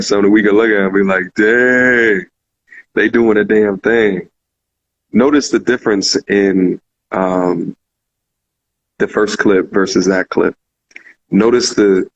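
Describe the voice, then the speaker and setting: A man hosting a call-in show, talking in an earnest, heartfelt way, repeating phrases and using lots of fillers. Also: sits low. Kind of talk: casual heartfelt talk. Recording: muffled lo-fi recording.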